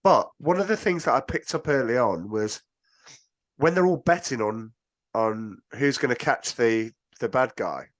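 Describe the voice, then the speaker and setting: A man's voice: medium pitch, measured pace. Man, podcast guest, chatty and rambling, frequent restarts. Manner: rambling, animated, many restarts and asides. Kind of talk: casual film discussion.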